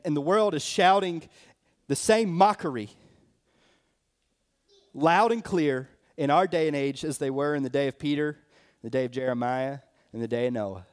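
A man, a church elder, preaching a farewell sermon, swinging between raised mocking voices and low, soft emphasis. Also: normal speed.

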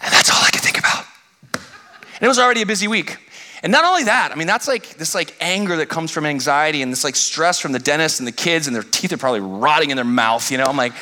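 A man's voice: a little high, bright, forceful tone. A man in his thirties, a pastor telling a self-deprecating story in his sermon, acting out his exasperation in bursts.

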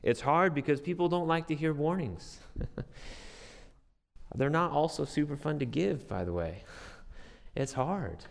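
A man's voice: on the high side, expressive, slow pace, gravelly, pauses often, in a large hall. A man preaching a sermon as a pastor, earnest and conversational, with restarts and light self-deprecating humor.

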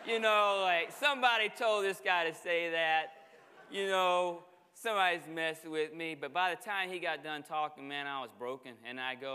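Bright-voiced preaching man in a reverberant hall. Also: fairly high pitch, moderate pace, clean tone. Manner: animated storytelling, acts out dialogue. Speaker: pastor. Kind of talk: sermon. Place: church sanctuary.

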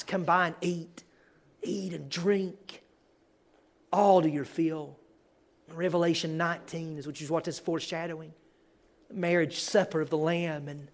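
A man's voice: on the high side, a bit bright. A man preaching as a guest, earnest and building to emphatic declarations. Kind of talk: sermon.

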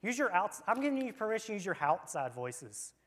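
A man's voice: high-pitched, sing-song, brisk, fairly bright tone. A man leading an interactive Bible lesson for children, reading scripture and joking in a playful, casual way. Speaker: children's church leader. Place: church room with children present.

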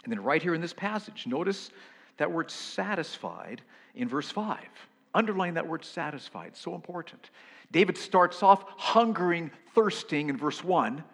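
A man preaching a sermon as pastor, earnest, rising to loud emphasis and dropping to hushed whispers. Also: fairly high pitch, expressive, normal speed, gravelly. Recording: long hall reverb.

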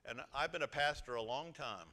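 A man preaching a sermon to his congregation as their pastor, swinging from quiet asides to loud exhortation. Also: medium pitch, fairly quick. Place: church sanctuary before a congregation.

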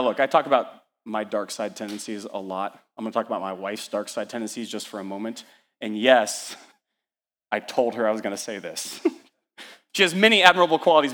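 A man preaching a sermon at church as the pastor, building energetic repeated lists and asking the congregation rhetorical questions. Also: medium pitch.

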